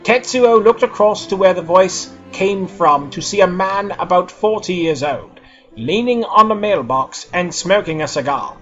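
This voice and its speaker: A man hosting a podcast and reading fan fiction aloud in an animated, theatrical way. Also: high voice, measured pace. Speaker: podcast host and reader. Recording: dull lo-fi podcast audio with faint music.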